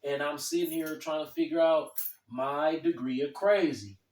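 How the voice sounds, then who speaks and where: A man chatting casually, animated and profane, acting out other people's lines as he tells stories. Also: a little high, normal speed. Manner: animated, quotes others in put-on voices, swears freely. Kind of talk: casual storytelling chat. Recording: echoey room from a distance.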